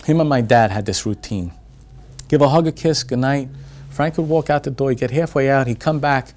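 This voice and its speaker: An older man telling a family anecdote in a casual, animated way. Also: medium pitch, normal speed, a little hiss or hum. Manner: animated storyteller who acts out quoted voices. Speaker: restaurant family member telling a story.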